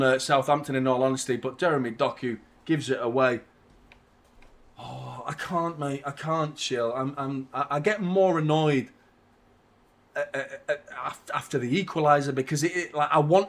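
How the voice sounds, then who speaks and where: A man hosting a live football watchalong, talking casually to his audience, often swearing and getting loud and frustrated about the match. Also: medium pitch. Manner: ranting, swearing, frustrated, shouting when excited. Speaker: football channel host.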